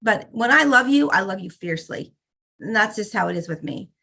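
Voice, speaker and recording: A woman's voice: medium pitch, expressive, fairly quick, gravelly, sharp tone. A middle-aged woman co-hosting a members' call, effusive and motherly, talking in a casual chat style. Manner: effusive, motherly, fiercely protective.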